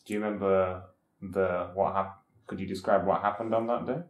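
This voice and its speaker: A man's voice: deep voice, steady tone, normal speed, phone-quality sound. A man interviewing, asking polite questions in a hesitant way. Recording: roomy echo.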